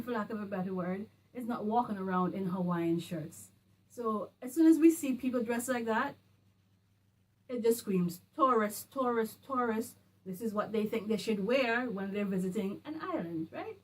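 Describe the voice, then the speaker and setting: A woman from the Caribbean talking casually to camera in a vlog, working through a numbered list in an animated, emphatic way. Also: a little high, normal speed, husky. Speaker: vlogger. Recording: a bit distant from the mic, faint music.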